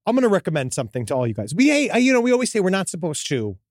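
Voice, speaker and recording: A man co-hosting a casual true-crime podcast, animated and joking, swearing freely. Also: sits high, rapid-fire, a little hiss or hum. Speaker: podcast co-host.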